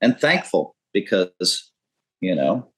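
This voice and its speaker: Low-voiced man rambling candidly. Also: sing-song, slow, breathy edge, rough recording. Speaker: podcast guest, poker pro. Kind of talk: casual interview talk.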